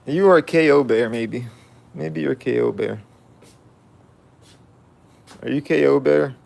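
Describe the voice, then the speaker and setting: A man's voice: medium pitch, a little slow, gravelly, a little mellow. A man casually vlogging outdoors, playfully chatting with and about a dog. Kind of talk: casual vlog chat.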